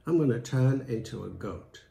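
A man's voice: medium pitch, expressive, moderate pace, vocal fry, warm tone, far from the mic. A man voicing a meek young peasant wife who pleads in a raised voice. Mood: pleading. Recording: echoey room.

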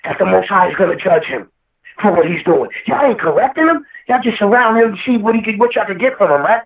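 A man's voice: high voice, expressive, fast talker, gravelly. Impassioned preachy man on a tinny line. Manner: preachy, quotes scripture, repeats himself heatedly. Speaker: rapper guest. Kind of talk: impassioned interview talk. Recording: echoey, distant phone line.

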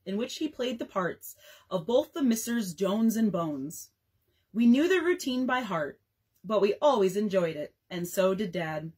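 A young woman, a librarian, reading a chapter of a book aloud as a bedtime story in a lively, expressive way. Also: medium pitch, slightly rough.

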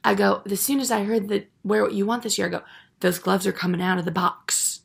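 A man's voice: sits high, steady tone, brisk, vocal fry. A man playing a vain, self-absorbed young woman in a comedy monologue, rambling and self-pitying with garbled grammar. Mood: oblivious, aggrieved.

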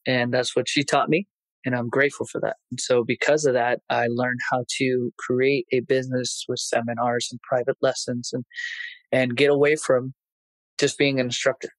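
A man in his thirties, a martial arts instructor, telling his life story openly in a casual podcast interview, animated when he retells scenes. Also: medium pitch, moderate pace, no echo, rough recording.

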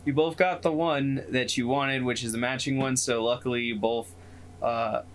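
A man running a tabletop role-playing session as game master, with a loose, joking manner. His voice sits in a middle pitch, and a faint noise hangs behind him. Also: fairly even intonation, normal speed. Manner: loose and joking, laughs often. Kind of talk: casual tabletop game narration.

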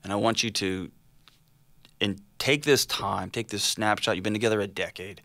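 A man's voice: on the low side, steady tone, normal speed, gravelly, fairly bright tone, dry recording. A man hosting a relationship advice show, talking earnestly and acting out quoted lines in casual on-air chat.

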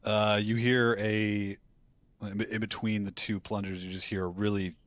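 A man playing in a tabletop game, describing his spell in a halting way as he searches for words. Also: fairly low pitch, little pitch movement. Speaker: player. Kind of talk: casual tabletop play.

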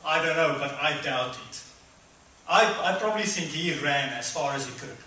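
A middle-aged man preaching a conversational sermon, acting out voices with sudden loud high bursts. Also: animated, normal speed, far from the mic. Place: church hall. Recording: echoey hall, speaker away from mic.

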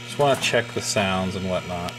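A man's voice: low voice, moderate pace, background noise. A man hosting an arcade repair video in his garage, talking casually with rambling, self-interrupting asides and chuckles. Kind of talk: casual hands-on repair vlog. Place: cluttered home garage.

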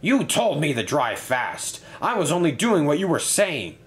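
A man voicing a grumpy male bus who grunts his lines gruffly. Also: fairly low pitch, very animated, normal speed, a bit bright. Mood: cross.

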